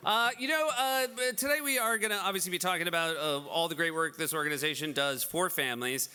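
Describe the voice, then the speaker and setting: A man in his forties with a high, very bright, crisp voice hosts a benefit gala. His stories are dry and self-deprecating, told in an animated stand-up manner. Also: fast. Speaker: event host. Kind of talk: stand-up style benefit hosting. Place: large event hall.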